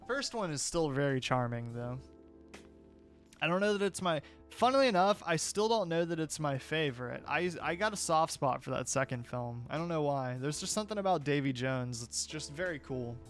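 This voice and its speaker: A young man with a slightly high voice chats casually with his stream audience. He rambles, restarts his sentences often and holds firm opinions, while faint music plays behind him. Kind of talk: casual chat with viewers.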